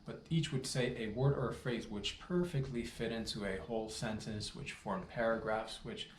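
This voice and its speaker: A man spins a rambling, swaggering comic tall tale full of slang, his voice leaping up high whenever he gets worked up. He sounds like he is in a roomy space with a lot of echo, and there is faint ambient noise behind him. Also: moderate pace. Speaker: storyteller. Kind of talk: absurd comic storytelling monologue.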